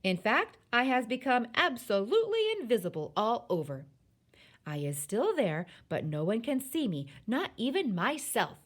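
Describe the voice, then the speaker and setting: A woman reading aloud, voicing an excited, boastful young boy who tells his dream in broken grammar. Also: fairly high pitch, moderate pace, pitched above the performer's own voice.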